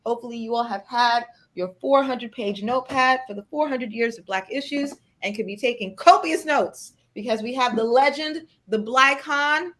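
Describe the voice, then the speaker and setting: A woman with a somewhat raised pitch hosts a casual live interview. She backs her guest with a steady stream of agreement and slips in playful wordplay. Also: normal speed, hardly any pauses. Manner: affirming, steady 'mm-hmm's and wordplay. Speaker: host.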